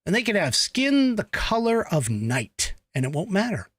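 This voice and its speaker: A man's voice: sits high, big pitch swings, normal speed, fairly bright tone, husky, dry recording, studio quality. A man from the United States hosting a podcast, giving a blunt, emphatic political commentary monologue with profanity. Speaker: podcast host.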